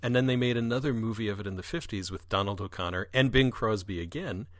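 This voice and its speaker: On a podcast about musicals, a male co-host chats with lively ease, his voice jumping higher for quick asides. The sound is clean studio audio, fairly bright and echo-free.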